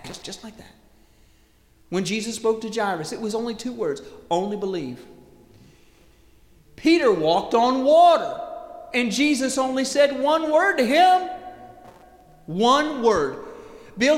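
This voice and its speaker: Male preacher, animated, acts out quotes; recorded in a roomy hall, faint noise behind. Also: sits high. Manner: animated, acts out quoted voices, repeats words. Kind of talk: sermon.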